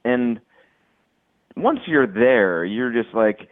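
A man's voice: mid-range voice, very animated, drawn-out words, dry recording. A man talks loosely in a casual podcast chat and keeps circling back with restarts and filler. His voice comes through a narrow, tinny line that sounds like a phone call. The sound is dry and close, with no room around it. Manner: rambling, many restarts and "like"s.

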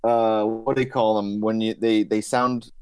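A man's voice: fairly low pitch, level tone, moderate pace, smooth, no echo. A man co-hosting a comedy podcast, rambling through goofy jokes and laughing at his own bits. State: groggy from a nap. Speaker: podcast co-host. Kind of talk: casual comedic banter.

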